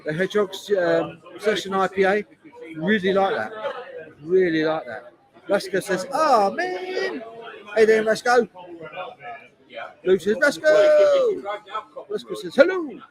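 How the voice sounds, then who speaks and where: A man's voice: high-pitched, unhurried, long pauses, poor audio. A man with a London accent, chatting casually on a live stream and reading viewers' comments aloud, often repeating himself. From Hertfordshire, England. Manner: chatty, repeats lines, reads chat aloud. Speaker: beer vlogger streaming live. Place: busy bar taproom. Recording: loud bar crowd behind voice. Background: crowd chatter in a bar.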